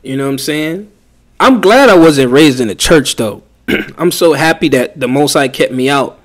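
A man's voice: fairly high pitch, lively intonation, normal speed. A man who teaches religion, giving rambling, heated casual commentary with frequent restarts.

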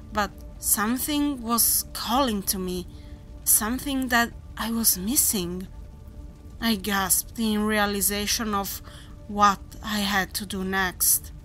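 A woman narrating a first-person horror story in a measured, deliberate way. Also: medium pitch, sharp tone, low-quality recording.

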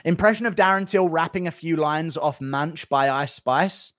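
A man's voice: on the high side, a bit bright. A man chatting casually on a live stream, reading donations and reacting with laughter. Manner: laughing, quick reactions to chat.

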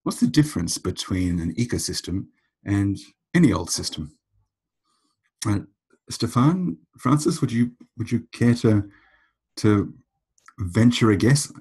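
A male podcast host with a deep, raspy voice, talking in a thoughtful, explanatory way. He tells stories to make his points and leads the talk with his guests. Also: expressive, unhurried, pauses often, a little mellow. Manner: thoughtful, storytelling.

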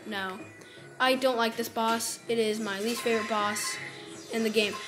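A woman's voice: a little high, fairly even intonation, moderate pace, rough recording. Chatty woman narrating her gameplay. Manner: chatty, exclaims and groans in frustration. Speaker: let's play gamer. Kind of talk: casual gameplay commentary. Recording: game music playing behind.

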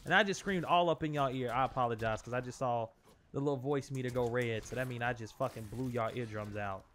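A mid-range, slightly fast voice comes from a young gaming host calling his own fighting-game match, with a faint hiss or hum in the recording. He is profane and excitable, talking to his opponent and viewers alike.

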